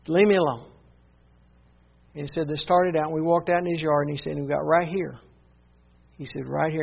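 A man's voice: on the high side, creaky, slightly rough. A man preaching, earnestly retelling a story and repeating "he said" as he goes. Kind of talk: sermon storytelling. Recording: tinny phone-like sound.

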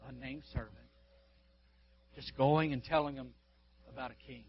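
A man preaching a sermon, telling a story with asides to the pastor and congregation, swinging between loud exhortation and hushed quiet. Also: fairly high pitch, steady tone, fairly quick. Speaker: guest preacher. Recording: dull lo-fi sound.

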